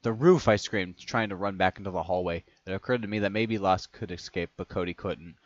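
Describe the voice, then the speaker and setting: A man reading a first-person story aloud in a casual way, often stumbling on words, restarting them and clearing his throat. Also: low voice, fairly even intonation, a little fast, no room sound. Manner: reads in first person, stumbles and restarts on words, breaks into long fits of laughter. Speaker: reader of fan fiction. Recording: dry, slightly dull home recording.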